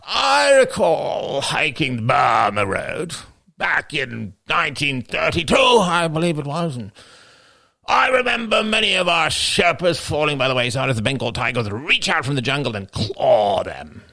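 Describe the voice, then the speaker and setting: A man voicing a pompous old aristocratic explorer who booms out grand tales in a declamatory voice. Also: big pitch swings, unhurried, gravelly, sharp tone, exaggerated voice. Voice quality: booming, declamatory. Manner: grandiose, self-important storytelling.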